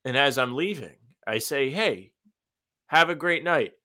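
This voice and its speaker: A man with a bright, forward voice chats on a sports podcast. He tells long, wandering anecdotes and plays up his outrage for laughs, his pitch sitting in an ordinary middle range. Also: a little slow. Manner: rambling, animated storytelling with mock indignation. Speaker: podcast co-host. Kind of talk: casual sports podcast chat.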